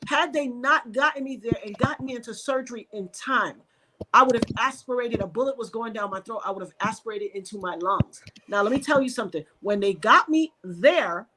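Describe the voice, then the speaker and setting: Woman, podcast guest, emotional storytelling, animated, reenacts dialogue, slightly high voice. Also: a little fast, noisy background. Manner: animated, reenacts dialogue with sharp pitch jumps.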